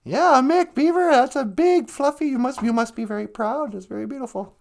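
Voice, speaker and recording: A man voicing a calm, contented male crow in a told folk story, speaking loudly and slowly. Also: very high-pitched, gravelly. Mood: easygoing.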